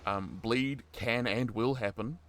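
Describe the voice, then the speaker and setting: A man's voice: medium pitch, slow pace, a bit bright. A man in his thirties hosting a casual interview, telling stories with lots of animation, jokes and laughter. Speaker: podcast host and roleplay community admin.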